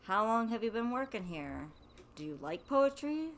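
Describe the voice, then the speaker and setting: A woman reading the lines of a tired male delivery driver in a plain, steady voice. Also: a little high, normal speed, a little hiss or hum. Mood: calm.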